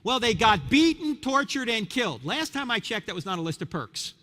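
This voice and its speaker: Animated man preaching in a reverberant hall. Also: extremely high pitch, fairly quick. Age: around 50. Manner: animated storyteller, rhetorical questions. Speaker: Christian speaker. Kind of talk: sermon-style lecture to a live audience. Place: large hall with audience.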